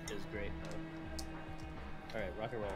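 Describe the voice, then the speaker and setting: A man's voice: on the low side, animated, measured pace, over music. Easygoing man in a squad voice chat. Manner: easygoing, laughs often. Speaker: gamer. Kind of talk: casual voice chat while gaming.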